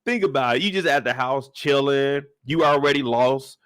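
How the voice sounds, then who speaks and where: A man's voice: medium pitch, moderate pace, a bit bright, clean tone, dry recording, studio quality, natural voice. A man casually quoting an easygoing, affectionate middle-aged husband in his own slangy voice. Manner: loose, slangy retelling of a character's lines.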